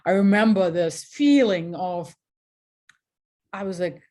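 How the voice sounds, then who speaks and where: Low-voiced Russian-accented woman telling stories. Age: 40s. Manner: frank and animated, laughing at herself, with halting restarts. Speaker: guest. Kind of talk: candid personal storytelling.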